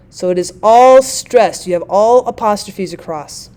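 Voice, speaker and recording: Mellow-voiced woman teaching a lesson. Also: mid-range voice, clean tone. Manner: methodical, reads examples slowly. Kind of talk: explanatory lecture.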